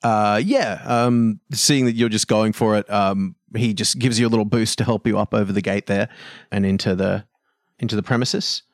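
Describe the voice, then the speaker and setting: A man narrating as game master of a tabletop game, relaxed and halting with fillers. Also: fairly low pitch, no room sound, studio quality.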